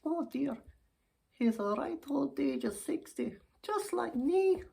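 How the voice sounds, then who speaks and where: A woman voicing a chatty, giddy Scottish woman puppet in her sixties, who speaks in a high, fluttery voice and calls everyone dear in a ventriloquist act. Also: lively intonation, slow, vocal fry, dark tone, heavily acted. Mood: giddy, excited. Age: 60s.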